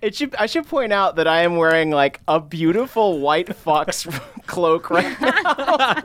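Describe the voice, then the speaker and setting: A player in a tabletop role-playing game, goofing around and talking in an animated way. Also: mid-range voice, unhurried. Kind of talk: casual tabletop game play.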